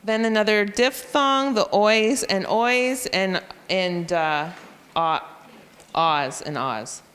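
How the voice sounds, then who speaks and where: Reading teacher in an echoey hall. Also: female voice, medium pitch, slow, a bit bright. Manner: explanatory, sounds out letters and spellings. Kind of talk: professional development talk to teachers. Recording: long hall reverb.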